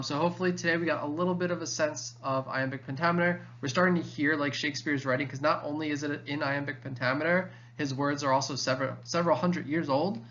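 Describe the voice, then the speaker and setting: A young male teacher explains a lesson in a loose, casual way, dropping "um" and "like" as he goes. His voice sits a little high for a man. The recording is a bit dull and lo-fi. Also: a bit bright. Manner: casual, filler-heavy explaining with frequent "um" and "like".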